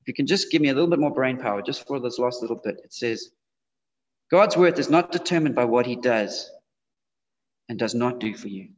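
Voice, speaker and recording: Pastor in a reverberant hall. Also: male voice, medium pitch, expressive, fairly quick, a little hiss or hum. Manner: conversational preaching, speaks directly to the congregation. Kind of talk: sermon. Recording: dull lo-fi sound with long hall reverb.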